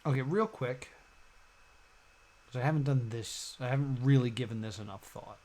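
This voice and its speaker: A man streaming a puzzle game, thinking out loud slowly, with sudden excited outbursts. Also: medium pitch. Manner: slow, musing, bursts into excited outbursts. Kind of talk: thinking out loud while gaming.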